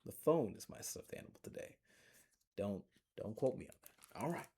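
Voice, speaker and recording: Playful, lively male storytime reader. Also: on the low side, moderate pace, background noise. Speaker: children's librarian. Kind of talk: reading a picture book aloud to children. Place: closed public library. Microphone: phone.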